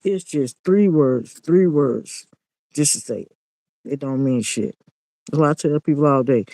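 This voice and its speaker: A man's voice: a little high, unhurried, dark tone, no echo, rough recording. A man, ranting in a casual monologue vlog, blunt and preachy and repeating himself.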